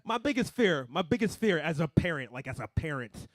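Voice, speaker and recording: A young man doing a stand-up comedy set, animated, swinging between mumbled asides and loud punchlines. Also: on the high side, fairly quick, dry recording, clean studio sound.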